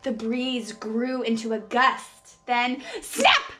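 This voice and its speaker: Soft background music plays as a preschool teacher, a woman with a slightly high voice, reads a picture book to young children. She reads with expression and pauses to put questions to them.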